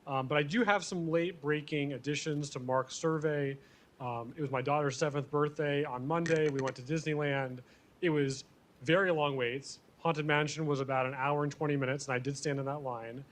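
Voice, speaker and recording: Male conference presenter, slightly higher voice, easygoing and self-deprecating, lots of ums. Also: fairly even intonation, moderate pace. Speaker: real estate attorney presenting survey results. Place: conference venue, speaking to an audience.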